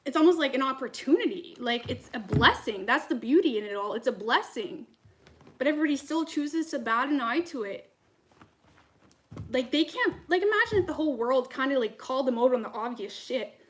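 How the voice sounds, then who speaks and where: Ranting woman, fairly high voice. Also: expressive, brisk, a little hiss or hum. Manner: heated, profane, rambling rant. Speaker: tarot reader. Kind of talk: ranting to camera between tarot readings.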